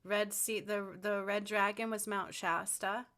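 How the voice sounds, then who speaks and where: Earnest woman with a flat delivery. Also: mid-range voice, unhurried. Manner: earnest, insistent, preaching. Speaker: spiritual vlogger. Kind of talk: spiritual commentary vlog.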